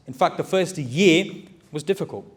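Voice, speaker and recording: Male, 30s, high voice, motivational speaker, plain-spoken and pushy. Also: animated, normal speed. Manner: direct, exhorting, addresses audience as brothers. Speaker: motivational speaker and recruitment business owner. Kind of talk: motivational talk to a live audience.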